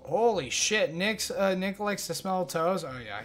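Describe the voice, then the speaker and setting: A man's voice: sits high, moderate pace, faint music behind. A young man streaming games, chatting casually with his viewers in a rambling, profane, joking way. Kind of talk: casual livestream chat while gaming.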